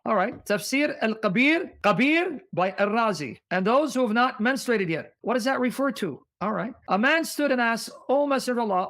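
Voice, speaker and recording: A man hosting a livestream, reading passages aloud in a forceful, combative way and pressing the caller with questions. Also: sits high. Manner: forceful, combative, reads sources aloud, breaks into singing. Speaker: livestream host. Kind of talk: heated debate livestream.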